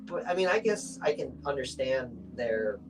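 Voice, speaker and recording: A young man from the States chats through an interview in an unhurried, conversational way. He tells his stories loosely, full of fillers, and slips into little impressions of the people he quotes. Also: medium pitch, over music, low-quality recording. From United States. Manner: relaxed, acts out quoted voices, many fillers. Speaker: artist, interview guest.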